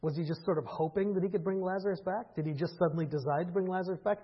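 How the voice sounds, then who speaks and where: A man preaching a conversational sermon, rising into impassioned stretches and then falling quiet again. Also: high voice, fairly even intonation, racing, hardly any pauses, breathy edge, highs cut off. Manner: conversational preaching, builds to impassioned peaks with laughs. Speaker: pastor.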